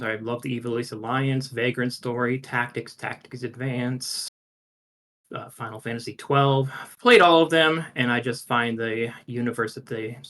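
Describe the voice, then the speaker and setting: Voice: mid-range voice, a bit bright. A panel co-host giving a casual lore presentation, enthusiastic, with frequent fillers.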